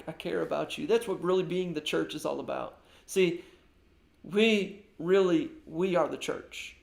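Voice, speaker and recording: A man's voice: on the high side, creaky, reverberant. A man giving an earnest devotional sermon as a pastor, often repeating words as he goes.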